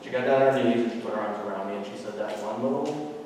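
A man's voice: mid-range voice, rapid-fire, darkish tone, slight background noise. A man in his thirties preaching a sermon, telling a personal story in a conversational way with joking asides. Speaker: pastor. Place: large hall with audience. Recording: roomy echoey hall, mic far off.

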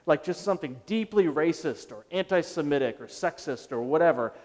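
A middle-aged male pastor delivers a sermon in an animated, self-deprecating storytelling manner. His voice sits a little high for a man, and a long reverb from a large church hall trails behind each phrase. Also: brisk.

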